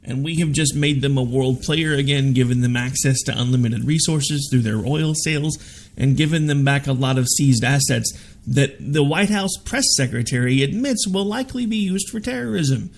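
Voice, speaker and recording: A man hosting a political talk radio show, arguing his views forcefully. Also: mid-range voice, normal speed, creaky. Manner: forceful, opinionated, argumentative.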